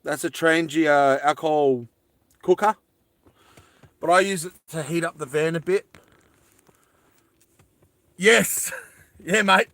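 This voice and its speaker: Here an Australian man streams from inside his van in a rambling, easygoing way, saying hello to arriving viewers and responding to chat out loud. His voice is fairly high, steady, and a bit bright, with a slow pace and frequent pauses. There's no echo.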